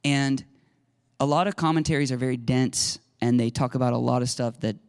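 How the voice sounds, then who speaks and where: A middle-aged male pastor preaching a conversational sermon that swings into loud, excited shouting. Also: mid-range voice, a little fast, clear, resonant tone, dry recording.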